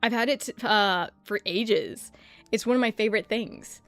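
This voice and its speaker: A woman streamer chatting casually and rambling about practicing a deeper voice, self-deprecating and swearing freely. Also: unhurried, fairly bright tone, dry recording, soft background music. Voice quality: slight lisp-like clicking from a tongue piercing. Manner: experimenting with pitching her voice deeper. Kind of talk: casual livestream chat.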